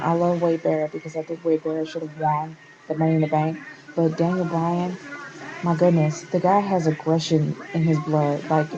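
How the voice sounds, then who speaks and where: A woman vlogger rants to camera with passion and exasperation, rambling and restarting as she goes. Her voice sits on the low side and sounds dull and lo-fi. Steady background noise runs under the whole recording. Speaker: wrestling vlogger. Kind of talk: casual opinion rant to camera.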